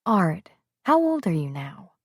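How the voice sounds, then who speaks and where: A woman voicing a kind young mother who speaks gently and patiently. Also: mid-range voice, expressive, measured pace, no room sound, clean studio sound. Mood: gentle.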